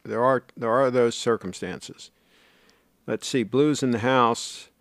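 A man's voice: medium pitch, fairly even intonation, takes it slowly, a bit bright, no echo, clean studio sound. A middle-aged man hosting a casual livestream, reading viewer comments aloud and rambling on in a chatty, self-correcting way.

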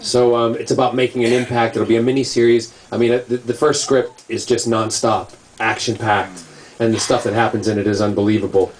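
A man's voice: mid-range voice, little pitch movement, a little fast, recorded from a distance, slight background noise. A man in his forties, raised in Scotland but talking in an American accent, answering audience questions at a book signing in a playful, cheeky way. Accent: Scottish-raised speaker using an American accent. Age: 40s. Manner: playful, cheeky, laughs often. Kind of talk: casual Q&A chat. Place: bookstore event before an audience. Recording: crowded room with audience chatter.

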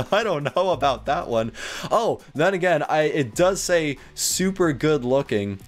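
A young man giving playful gameplay commentary, laughing often and reading chat aloud in a slow, dopey voice. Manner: excitable, laughs often, jumps higher when panicked. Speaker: gaming video host. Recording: faint background music.

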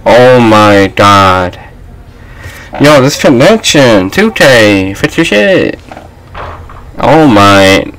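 A young man giving loose, trash-talking commentary while he plays a basketball video game, often shouting at his teammates and the game. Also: mid-range voice, very animated, very slow, pauses often, low-quality recording. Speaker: gaming channel host. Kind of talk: live gameplay commentary.

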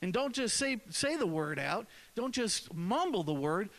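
A man's voice: high-pitched, big pitch swings, measured pace, fairly bright tone. A man preaching a sermon in an earnest way, often repeating and restarting his phrases. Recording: long reverb in a hall.

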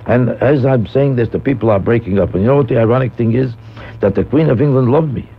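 A man's voice: mid-range voice, fast talker, creaky, slightly rough. A man doing a rambling comic monologue as a guest radio host, telling a story. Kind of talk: radio talk show storytelling. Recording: tinny phone-like old radio broadcast.

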